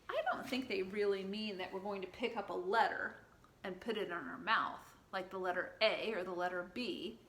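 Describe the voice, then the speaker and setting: A woman's voice: medium pitch, a bit bright, a little hiss or hum. A woman teaching a preschool class at circle time, reading a picture book aloud and leading call-and-response in a sing-song manner.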